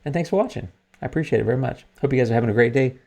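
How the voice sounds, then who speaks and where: A man's voice: mid-range voice, racing, vocal fry, darkish tone. A man hosting a photo editing tutorial, talking casually as he works and thinking aloud with plenty of fillers. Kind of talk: casual screen-recorded tutorial.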